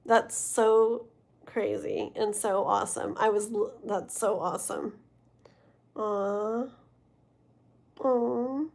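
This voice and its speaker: A young woman on a late-night tarot livestream, sounding tired as she rambles and giggles with her viewers. Her voice sits a little higher than most women's, and she drifts loosely from one thought to the next. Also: fairly even intonation, slow pace, creaky, long pauses, darkish tone. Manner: rambling, giggly, talks to chat. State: tired, yawning. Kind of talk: casual livestream chat.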